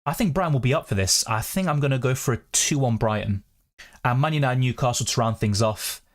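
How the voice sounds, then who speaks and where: A young man hosting a live question-and-answer stream, chatting quickly and reading out viewer comments. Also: medium pitch. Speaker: fantasy football streamer.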